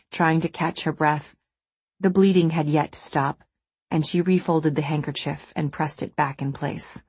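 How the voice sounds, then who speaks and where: A woman narrating an audiobook in a measured, even reading manner. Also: sits low, husky, no echo. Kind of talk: scripted narration.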